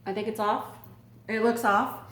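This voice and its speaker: A woman's voice: mid-range voice, fairly even intonation, normal speed, a bit bright. Chatty woman in a roomy echo. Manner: chatty, thinks aloud with fillers. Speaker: vlogger. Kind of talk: casual product demo. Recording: roomy echo, faint background noise.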